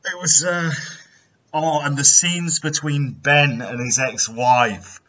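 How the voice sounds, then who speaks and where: A man's voice: steady tone, slow pace, crowd noise. A man hosting a casual movie review chat, giggling and incredulous. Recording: dull lo-fi sound with faint rumble.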